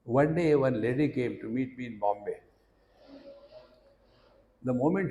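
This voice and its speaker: A man's voice: medium pitch, measured pace, dark tone, roomy sound, slight background noise. A man with an Indian English accent giving a spiritual discourse, telling stories that act out dialogue and chanting Sanskrit verses. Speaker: spiritual teacher. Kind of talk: discourse on scripture.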